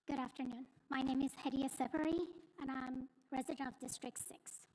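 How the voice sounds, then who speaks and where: Woman resident, high voice, reads a prepared statement at a board meeting and slips on a word now and then. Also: normal speed, rough recording. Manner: steady, reads from notes, small slips. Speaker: resident at public comment. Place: school board meeting room.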